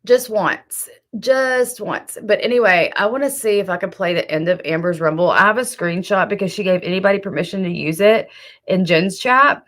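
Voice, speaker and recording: A woman's voice: lowish voice, a little fast, fairly bright tone. Sassy gossiping woman streamer, drawl. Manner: sassy, gossipy, talks straight to chat. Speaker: streamer host. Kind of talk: casual live-stream commentary.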